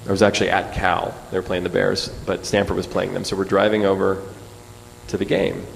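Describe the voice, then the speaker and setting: A man in his forties, a guest speaker, telling an animated personal story in a sermon. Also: sits low, fairly quick, vocal fry. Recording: echoey hall with faint hum.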